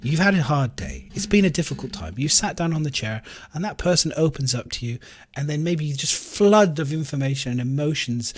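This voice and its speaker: A man's voice: on the high side, expressive, brisk, breathy edge. A man with a London accent hosting a casual podcast chat, rambling and acting out imagined remarks. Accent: London English. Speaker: podcast host.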